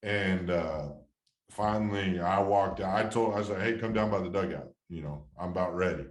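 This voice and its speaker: Deep-voiced man telling a story in an echoey room. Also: moderate pace. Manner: rambling, restarting, lots of fillers. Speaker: guest, former baseball catcher. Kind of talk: casual storytelling interview.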